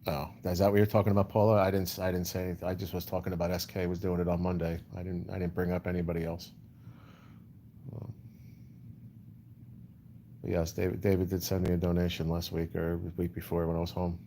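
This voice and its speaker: A man's voice: low-pitched, flat delivery, quick pace, long pauses, warm tone, slight background noise. A man hosting a casual livestream, answering chat comments in a rambling way, full of "you know". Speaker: livestream host.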